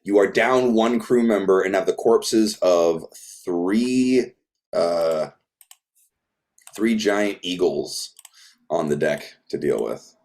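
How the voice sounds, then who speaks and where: Man, game master, very low voice, relaxed, halting narration. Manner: relaxed, many fillers and restarts.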